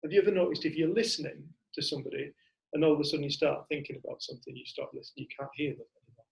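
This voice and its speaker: Man, 40s, group facilitator; raspy, slightly high voice, animated storyteller. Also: very fast, low-quality recording. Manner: animated, acts out other people's words. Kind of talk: casual storytelling talk.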